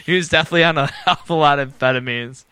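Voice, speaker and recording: A man with a bright, smooth, resonant voice tells rambling, profane stories on a casual podcast, laughing as he goes. He sits close to the mic in a dry, dead room. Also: fairly high pitch, racing, no echo. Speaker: podcast co-host. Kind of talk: casual bar-talk podcast chat.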